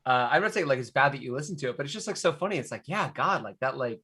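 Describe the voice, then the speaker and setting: A man's voice: mid-range voice, lively intonation, fast, sharp tone, husky. A young man co-hosting a podcast, talking loosely and sardonically with casual swearing. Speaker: podcast co-host. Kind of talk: casual chat.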